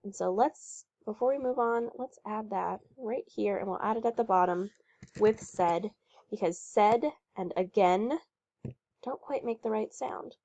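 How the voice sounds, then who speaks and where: A woman teacher reading a chapter book aloud and pausing to explain word sounds in a chatty, encouraging way. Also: mid-range voice, dark tone. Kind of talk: reading aloud with phonics pointers. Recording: muffled lo-fi recording.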